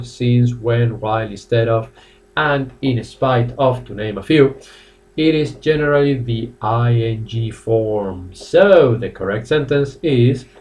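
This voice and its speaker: A man with a Spanish accent teaching a live online English lesson, animated, laughing often and calling on viewers by name. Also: medium pitch, distant mic. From Spain. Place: classroom.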